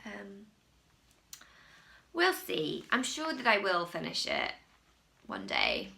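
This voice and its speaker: A woman's voice: mid-range voice, huge pitch swings, takes it slowly, creaky, sharp tone. A woman from England hosting a crochet podcast, chatting casually to camera from home in a rambling, self-mocking way.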